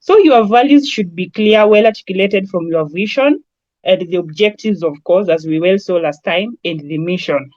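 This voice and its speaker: Speaking at a normal speed in a low-ish, darkish voice, a Kenyan-accented woman lectures on branding as a trainer. She keeps it conversational, with lots of everyday examples and bits of Swahili, and the recording is dry and lo-fi.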